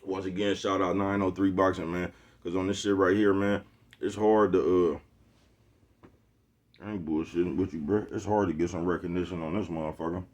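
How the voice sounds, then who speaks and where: Bay man, very low voice, loose slangy vlog rant, looping back on himself. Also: steady tone, moderate pace, pauses often, darkish tone. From Oakland, California. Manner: slangy, rambling, keeps asking "you know what I'm talking about". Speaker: vlogger. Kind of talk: casual monologue to camera. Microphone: phone with Bluetooth earpiece.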